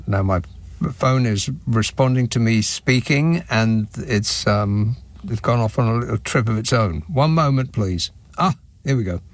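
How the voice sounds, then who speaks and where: A man hosting a radio phone-in from a studio microphone, chatting with callers in a dry, self-mocking, deadpan way. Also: fairly low pitch. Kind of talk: late-night radio phone-in chat.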